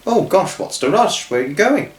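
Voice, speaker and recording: Man doing a relaxed dad with a raised voice. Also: high voice, normal speed, roomy sound, pitched above the performer's own voice. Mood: concerned. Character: relaxed easygoing father.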